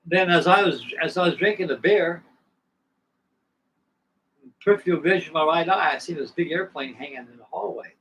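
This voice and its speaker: A man's voice: a little high, normal speed, long pauses, fairly bright tone. Rambling older man telling a story. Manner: rambling, frequent restarts and asides. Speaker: host. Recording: distant mic with faint background noise.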